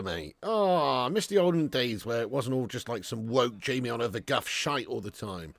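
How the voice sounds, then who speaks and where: A man's voice: mid-range voice, lively intonation, normal speed, creaky, hardly any pauses, no room sound. A man hosting a live watch-along stream, chatting casually with viewers, reading out their comments, swearing and laughing often.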